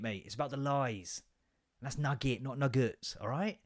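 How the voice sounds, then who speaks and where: A man's voice: medium pitch, brisk. A man, a podcast host telling an exasperated, sweary story about his kids. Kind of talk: casual ranting monologue.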